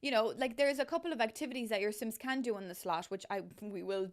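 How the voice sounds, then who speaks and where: A bubbly YouTuber and game builder with a slightly high voice chats excitedly in a casual vlog, talking fast. She gushes, laughs, and rambles, emotional and close to tears.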